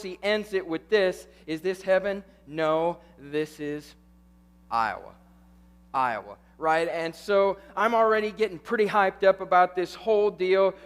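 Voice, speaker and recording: A young man, a youth pastor telling a story in a sermon, animated, tagging lines with "right?". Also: high voice, clear, resonant tone. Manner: animated, keeps asking "right?".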